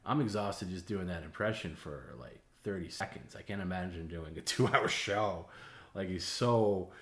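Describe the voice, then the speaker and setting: A man's voice: low-pitched, normal speed, a bit bright, echoey room. A man hosting a casual late-night stream, talking in a rambling way with many fillers and restarts. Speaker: host.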